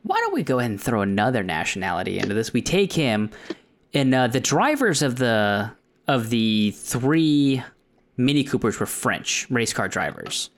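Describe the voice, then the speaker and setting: A man co-hosts a loose, comedic movie chat and pitches ideas in quick, excited bursts. His voice swings widely in pitch. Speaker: podcast co-host. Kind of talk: casual comedic movie discussion.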